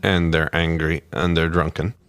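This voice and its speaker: A man's voice: deep voice, little pitch movement, normal speed, a bit bright, smooth, no room sound. A man co-hosting a book club podcast, chatting unhurriedly with fillers and reading aloud. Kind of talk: casual chat and reading aloud.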